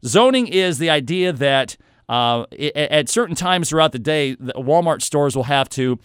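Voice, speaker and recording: Animated man telling a story, smooth dry voice. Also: fairly high pitch, normal speed, no echo. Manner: animated, conversational, playful asides. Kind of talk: casual storytelling monologue.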